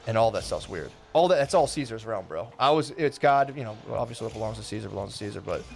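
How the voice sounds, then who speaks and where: A young man telling a long story in a loose, rambling way, full of filler words and swearing, acting out the people he quotes with sudden jumps in pitch. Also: expressive, quick pace, gravelly, a little hiss or hum. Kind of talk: casual storytelling.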